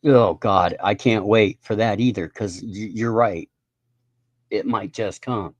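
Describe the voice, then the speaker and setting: A man's voice: fairly low pitch, slow, no room sound, dull audio. A man in his fifties ranting in a casual live stream monologue, profane and rambling. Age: 50s.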